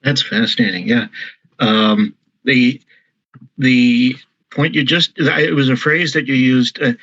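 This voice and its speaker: A man's voice: mid-range voice, steady tone, takes it slowly, a bit bright, dry recording. A male podcast co-host asking an interview question, searching for his words and stopping to restart. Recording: dull, lo-fi sound.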